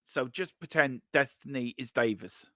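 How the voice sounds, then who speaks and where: A man's voice: medium pitch, moderate pace, fairly bright tone, no room sound. A man co-hosting a casual fan podcast, joking and reading out listener comments. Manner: jokey, reads out listener comments. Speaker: podcast co-host.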